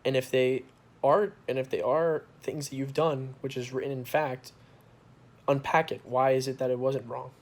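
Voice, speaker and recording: A man's voice: mid-range voice, fairly even intonation, moderate pace. A young man talking casually to his viewers in a candid, rambling vlog, swearing freely. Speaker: vlogger.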